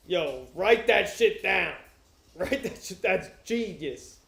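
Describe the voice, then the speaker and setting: A young man streaming from his couch, joking loudly and swearing as he chats with viewers and reads aloud. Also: sits high, animated, slow, vocal fry, roomy sound. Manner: loud, profane, joking. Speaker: streamer reading to chat. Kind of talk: casual livestream chat and reading aloud. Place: home, on a couch. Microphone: wearing headphones.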